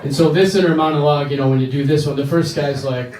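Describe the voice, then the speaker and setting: An American stand-up comedian performs a crude, rambling set on a bar comedy stage, jumping quickly between voices as he tells stories. His voice is fairly high with fairly even intonation. The recording is very noisy and echoey, with the mic heard from a distance.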